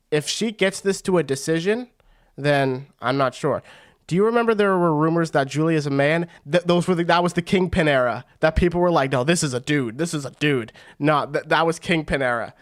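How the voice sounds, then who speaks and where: A man hosting a fight watch party, giving casual, rambling commentary full of slang. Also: a little high. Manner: excitable and rambling, slangy with frequent "bro".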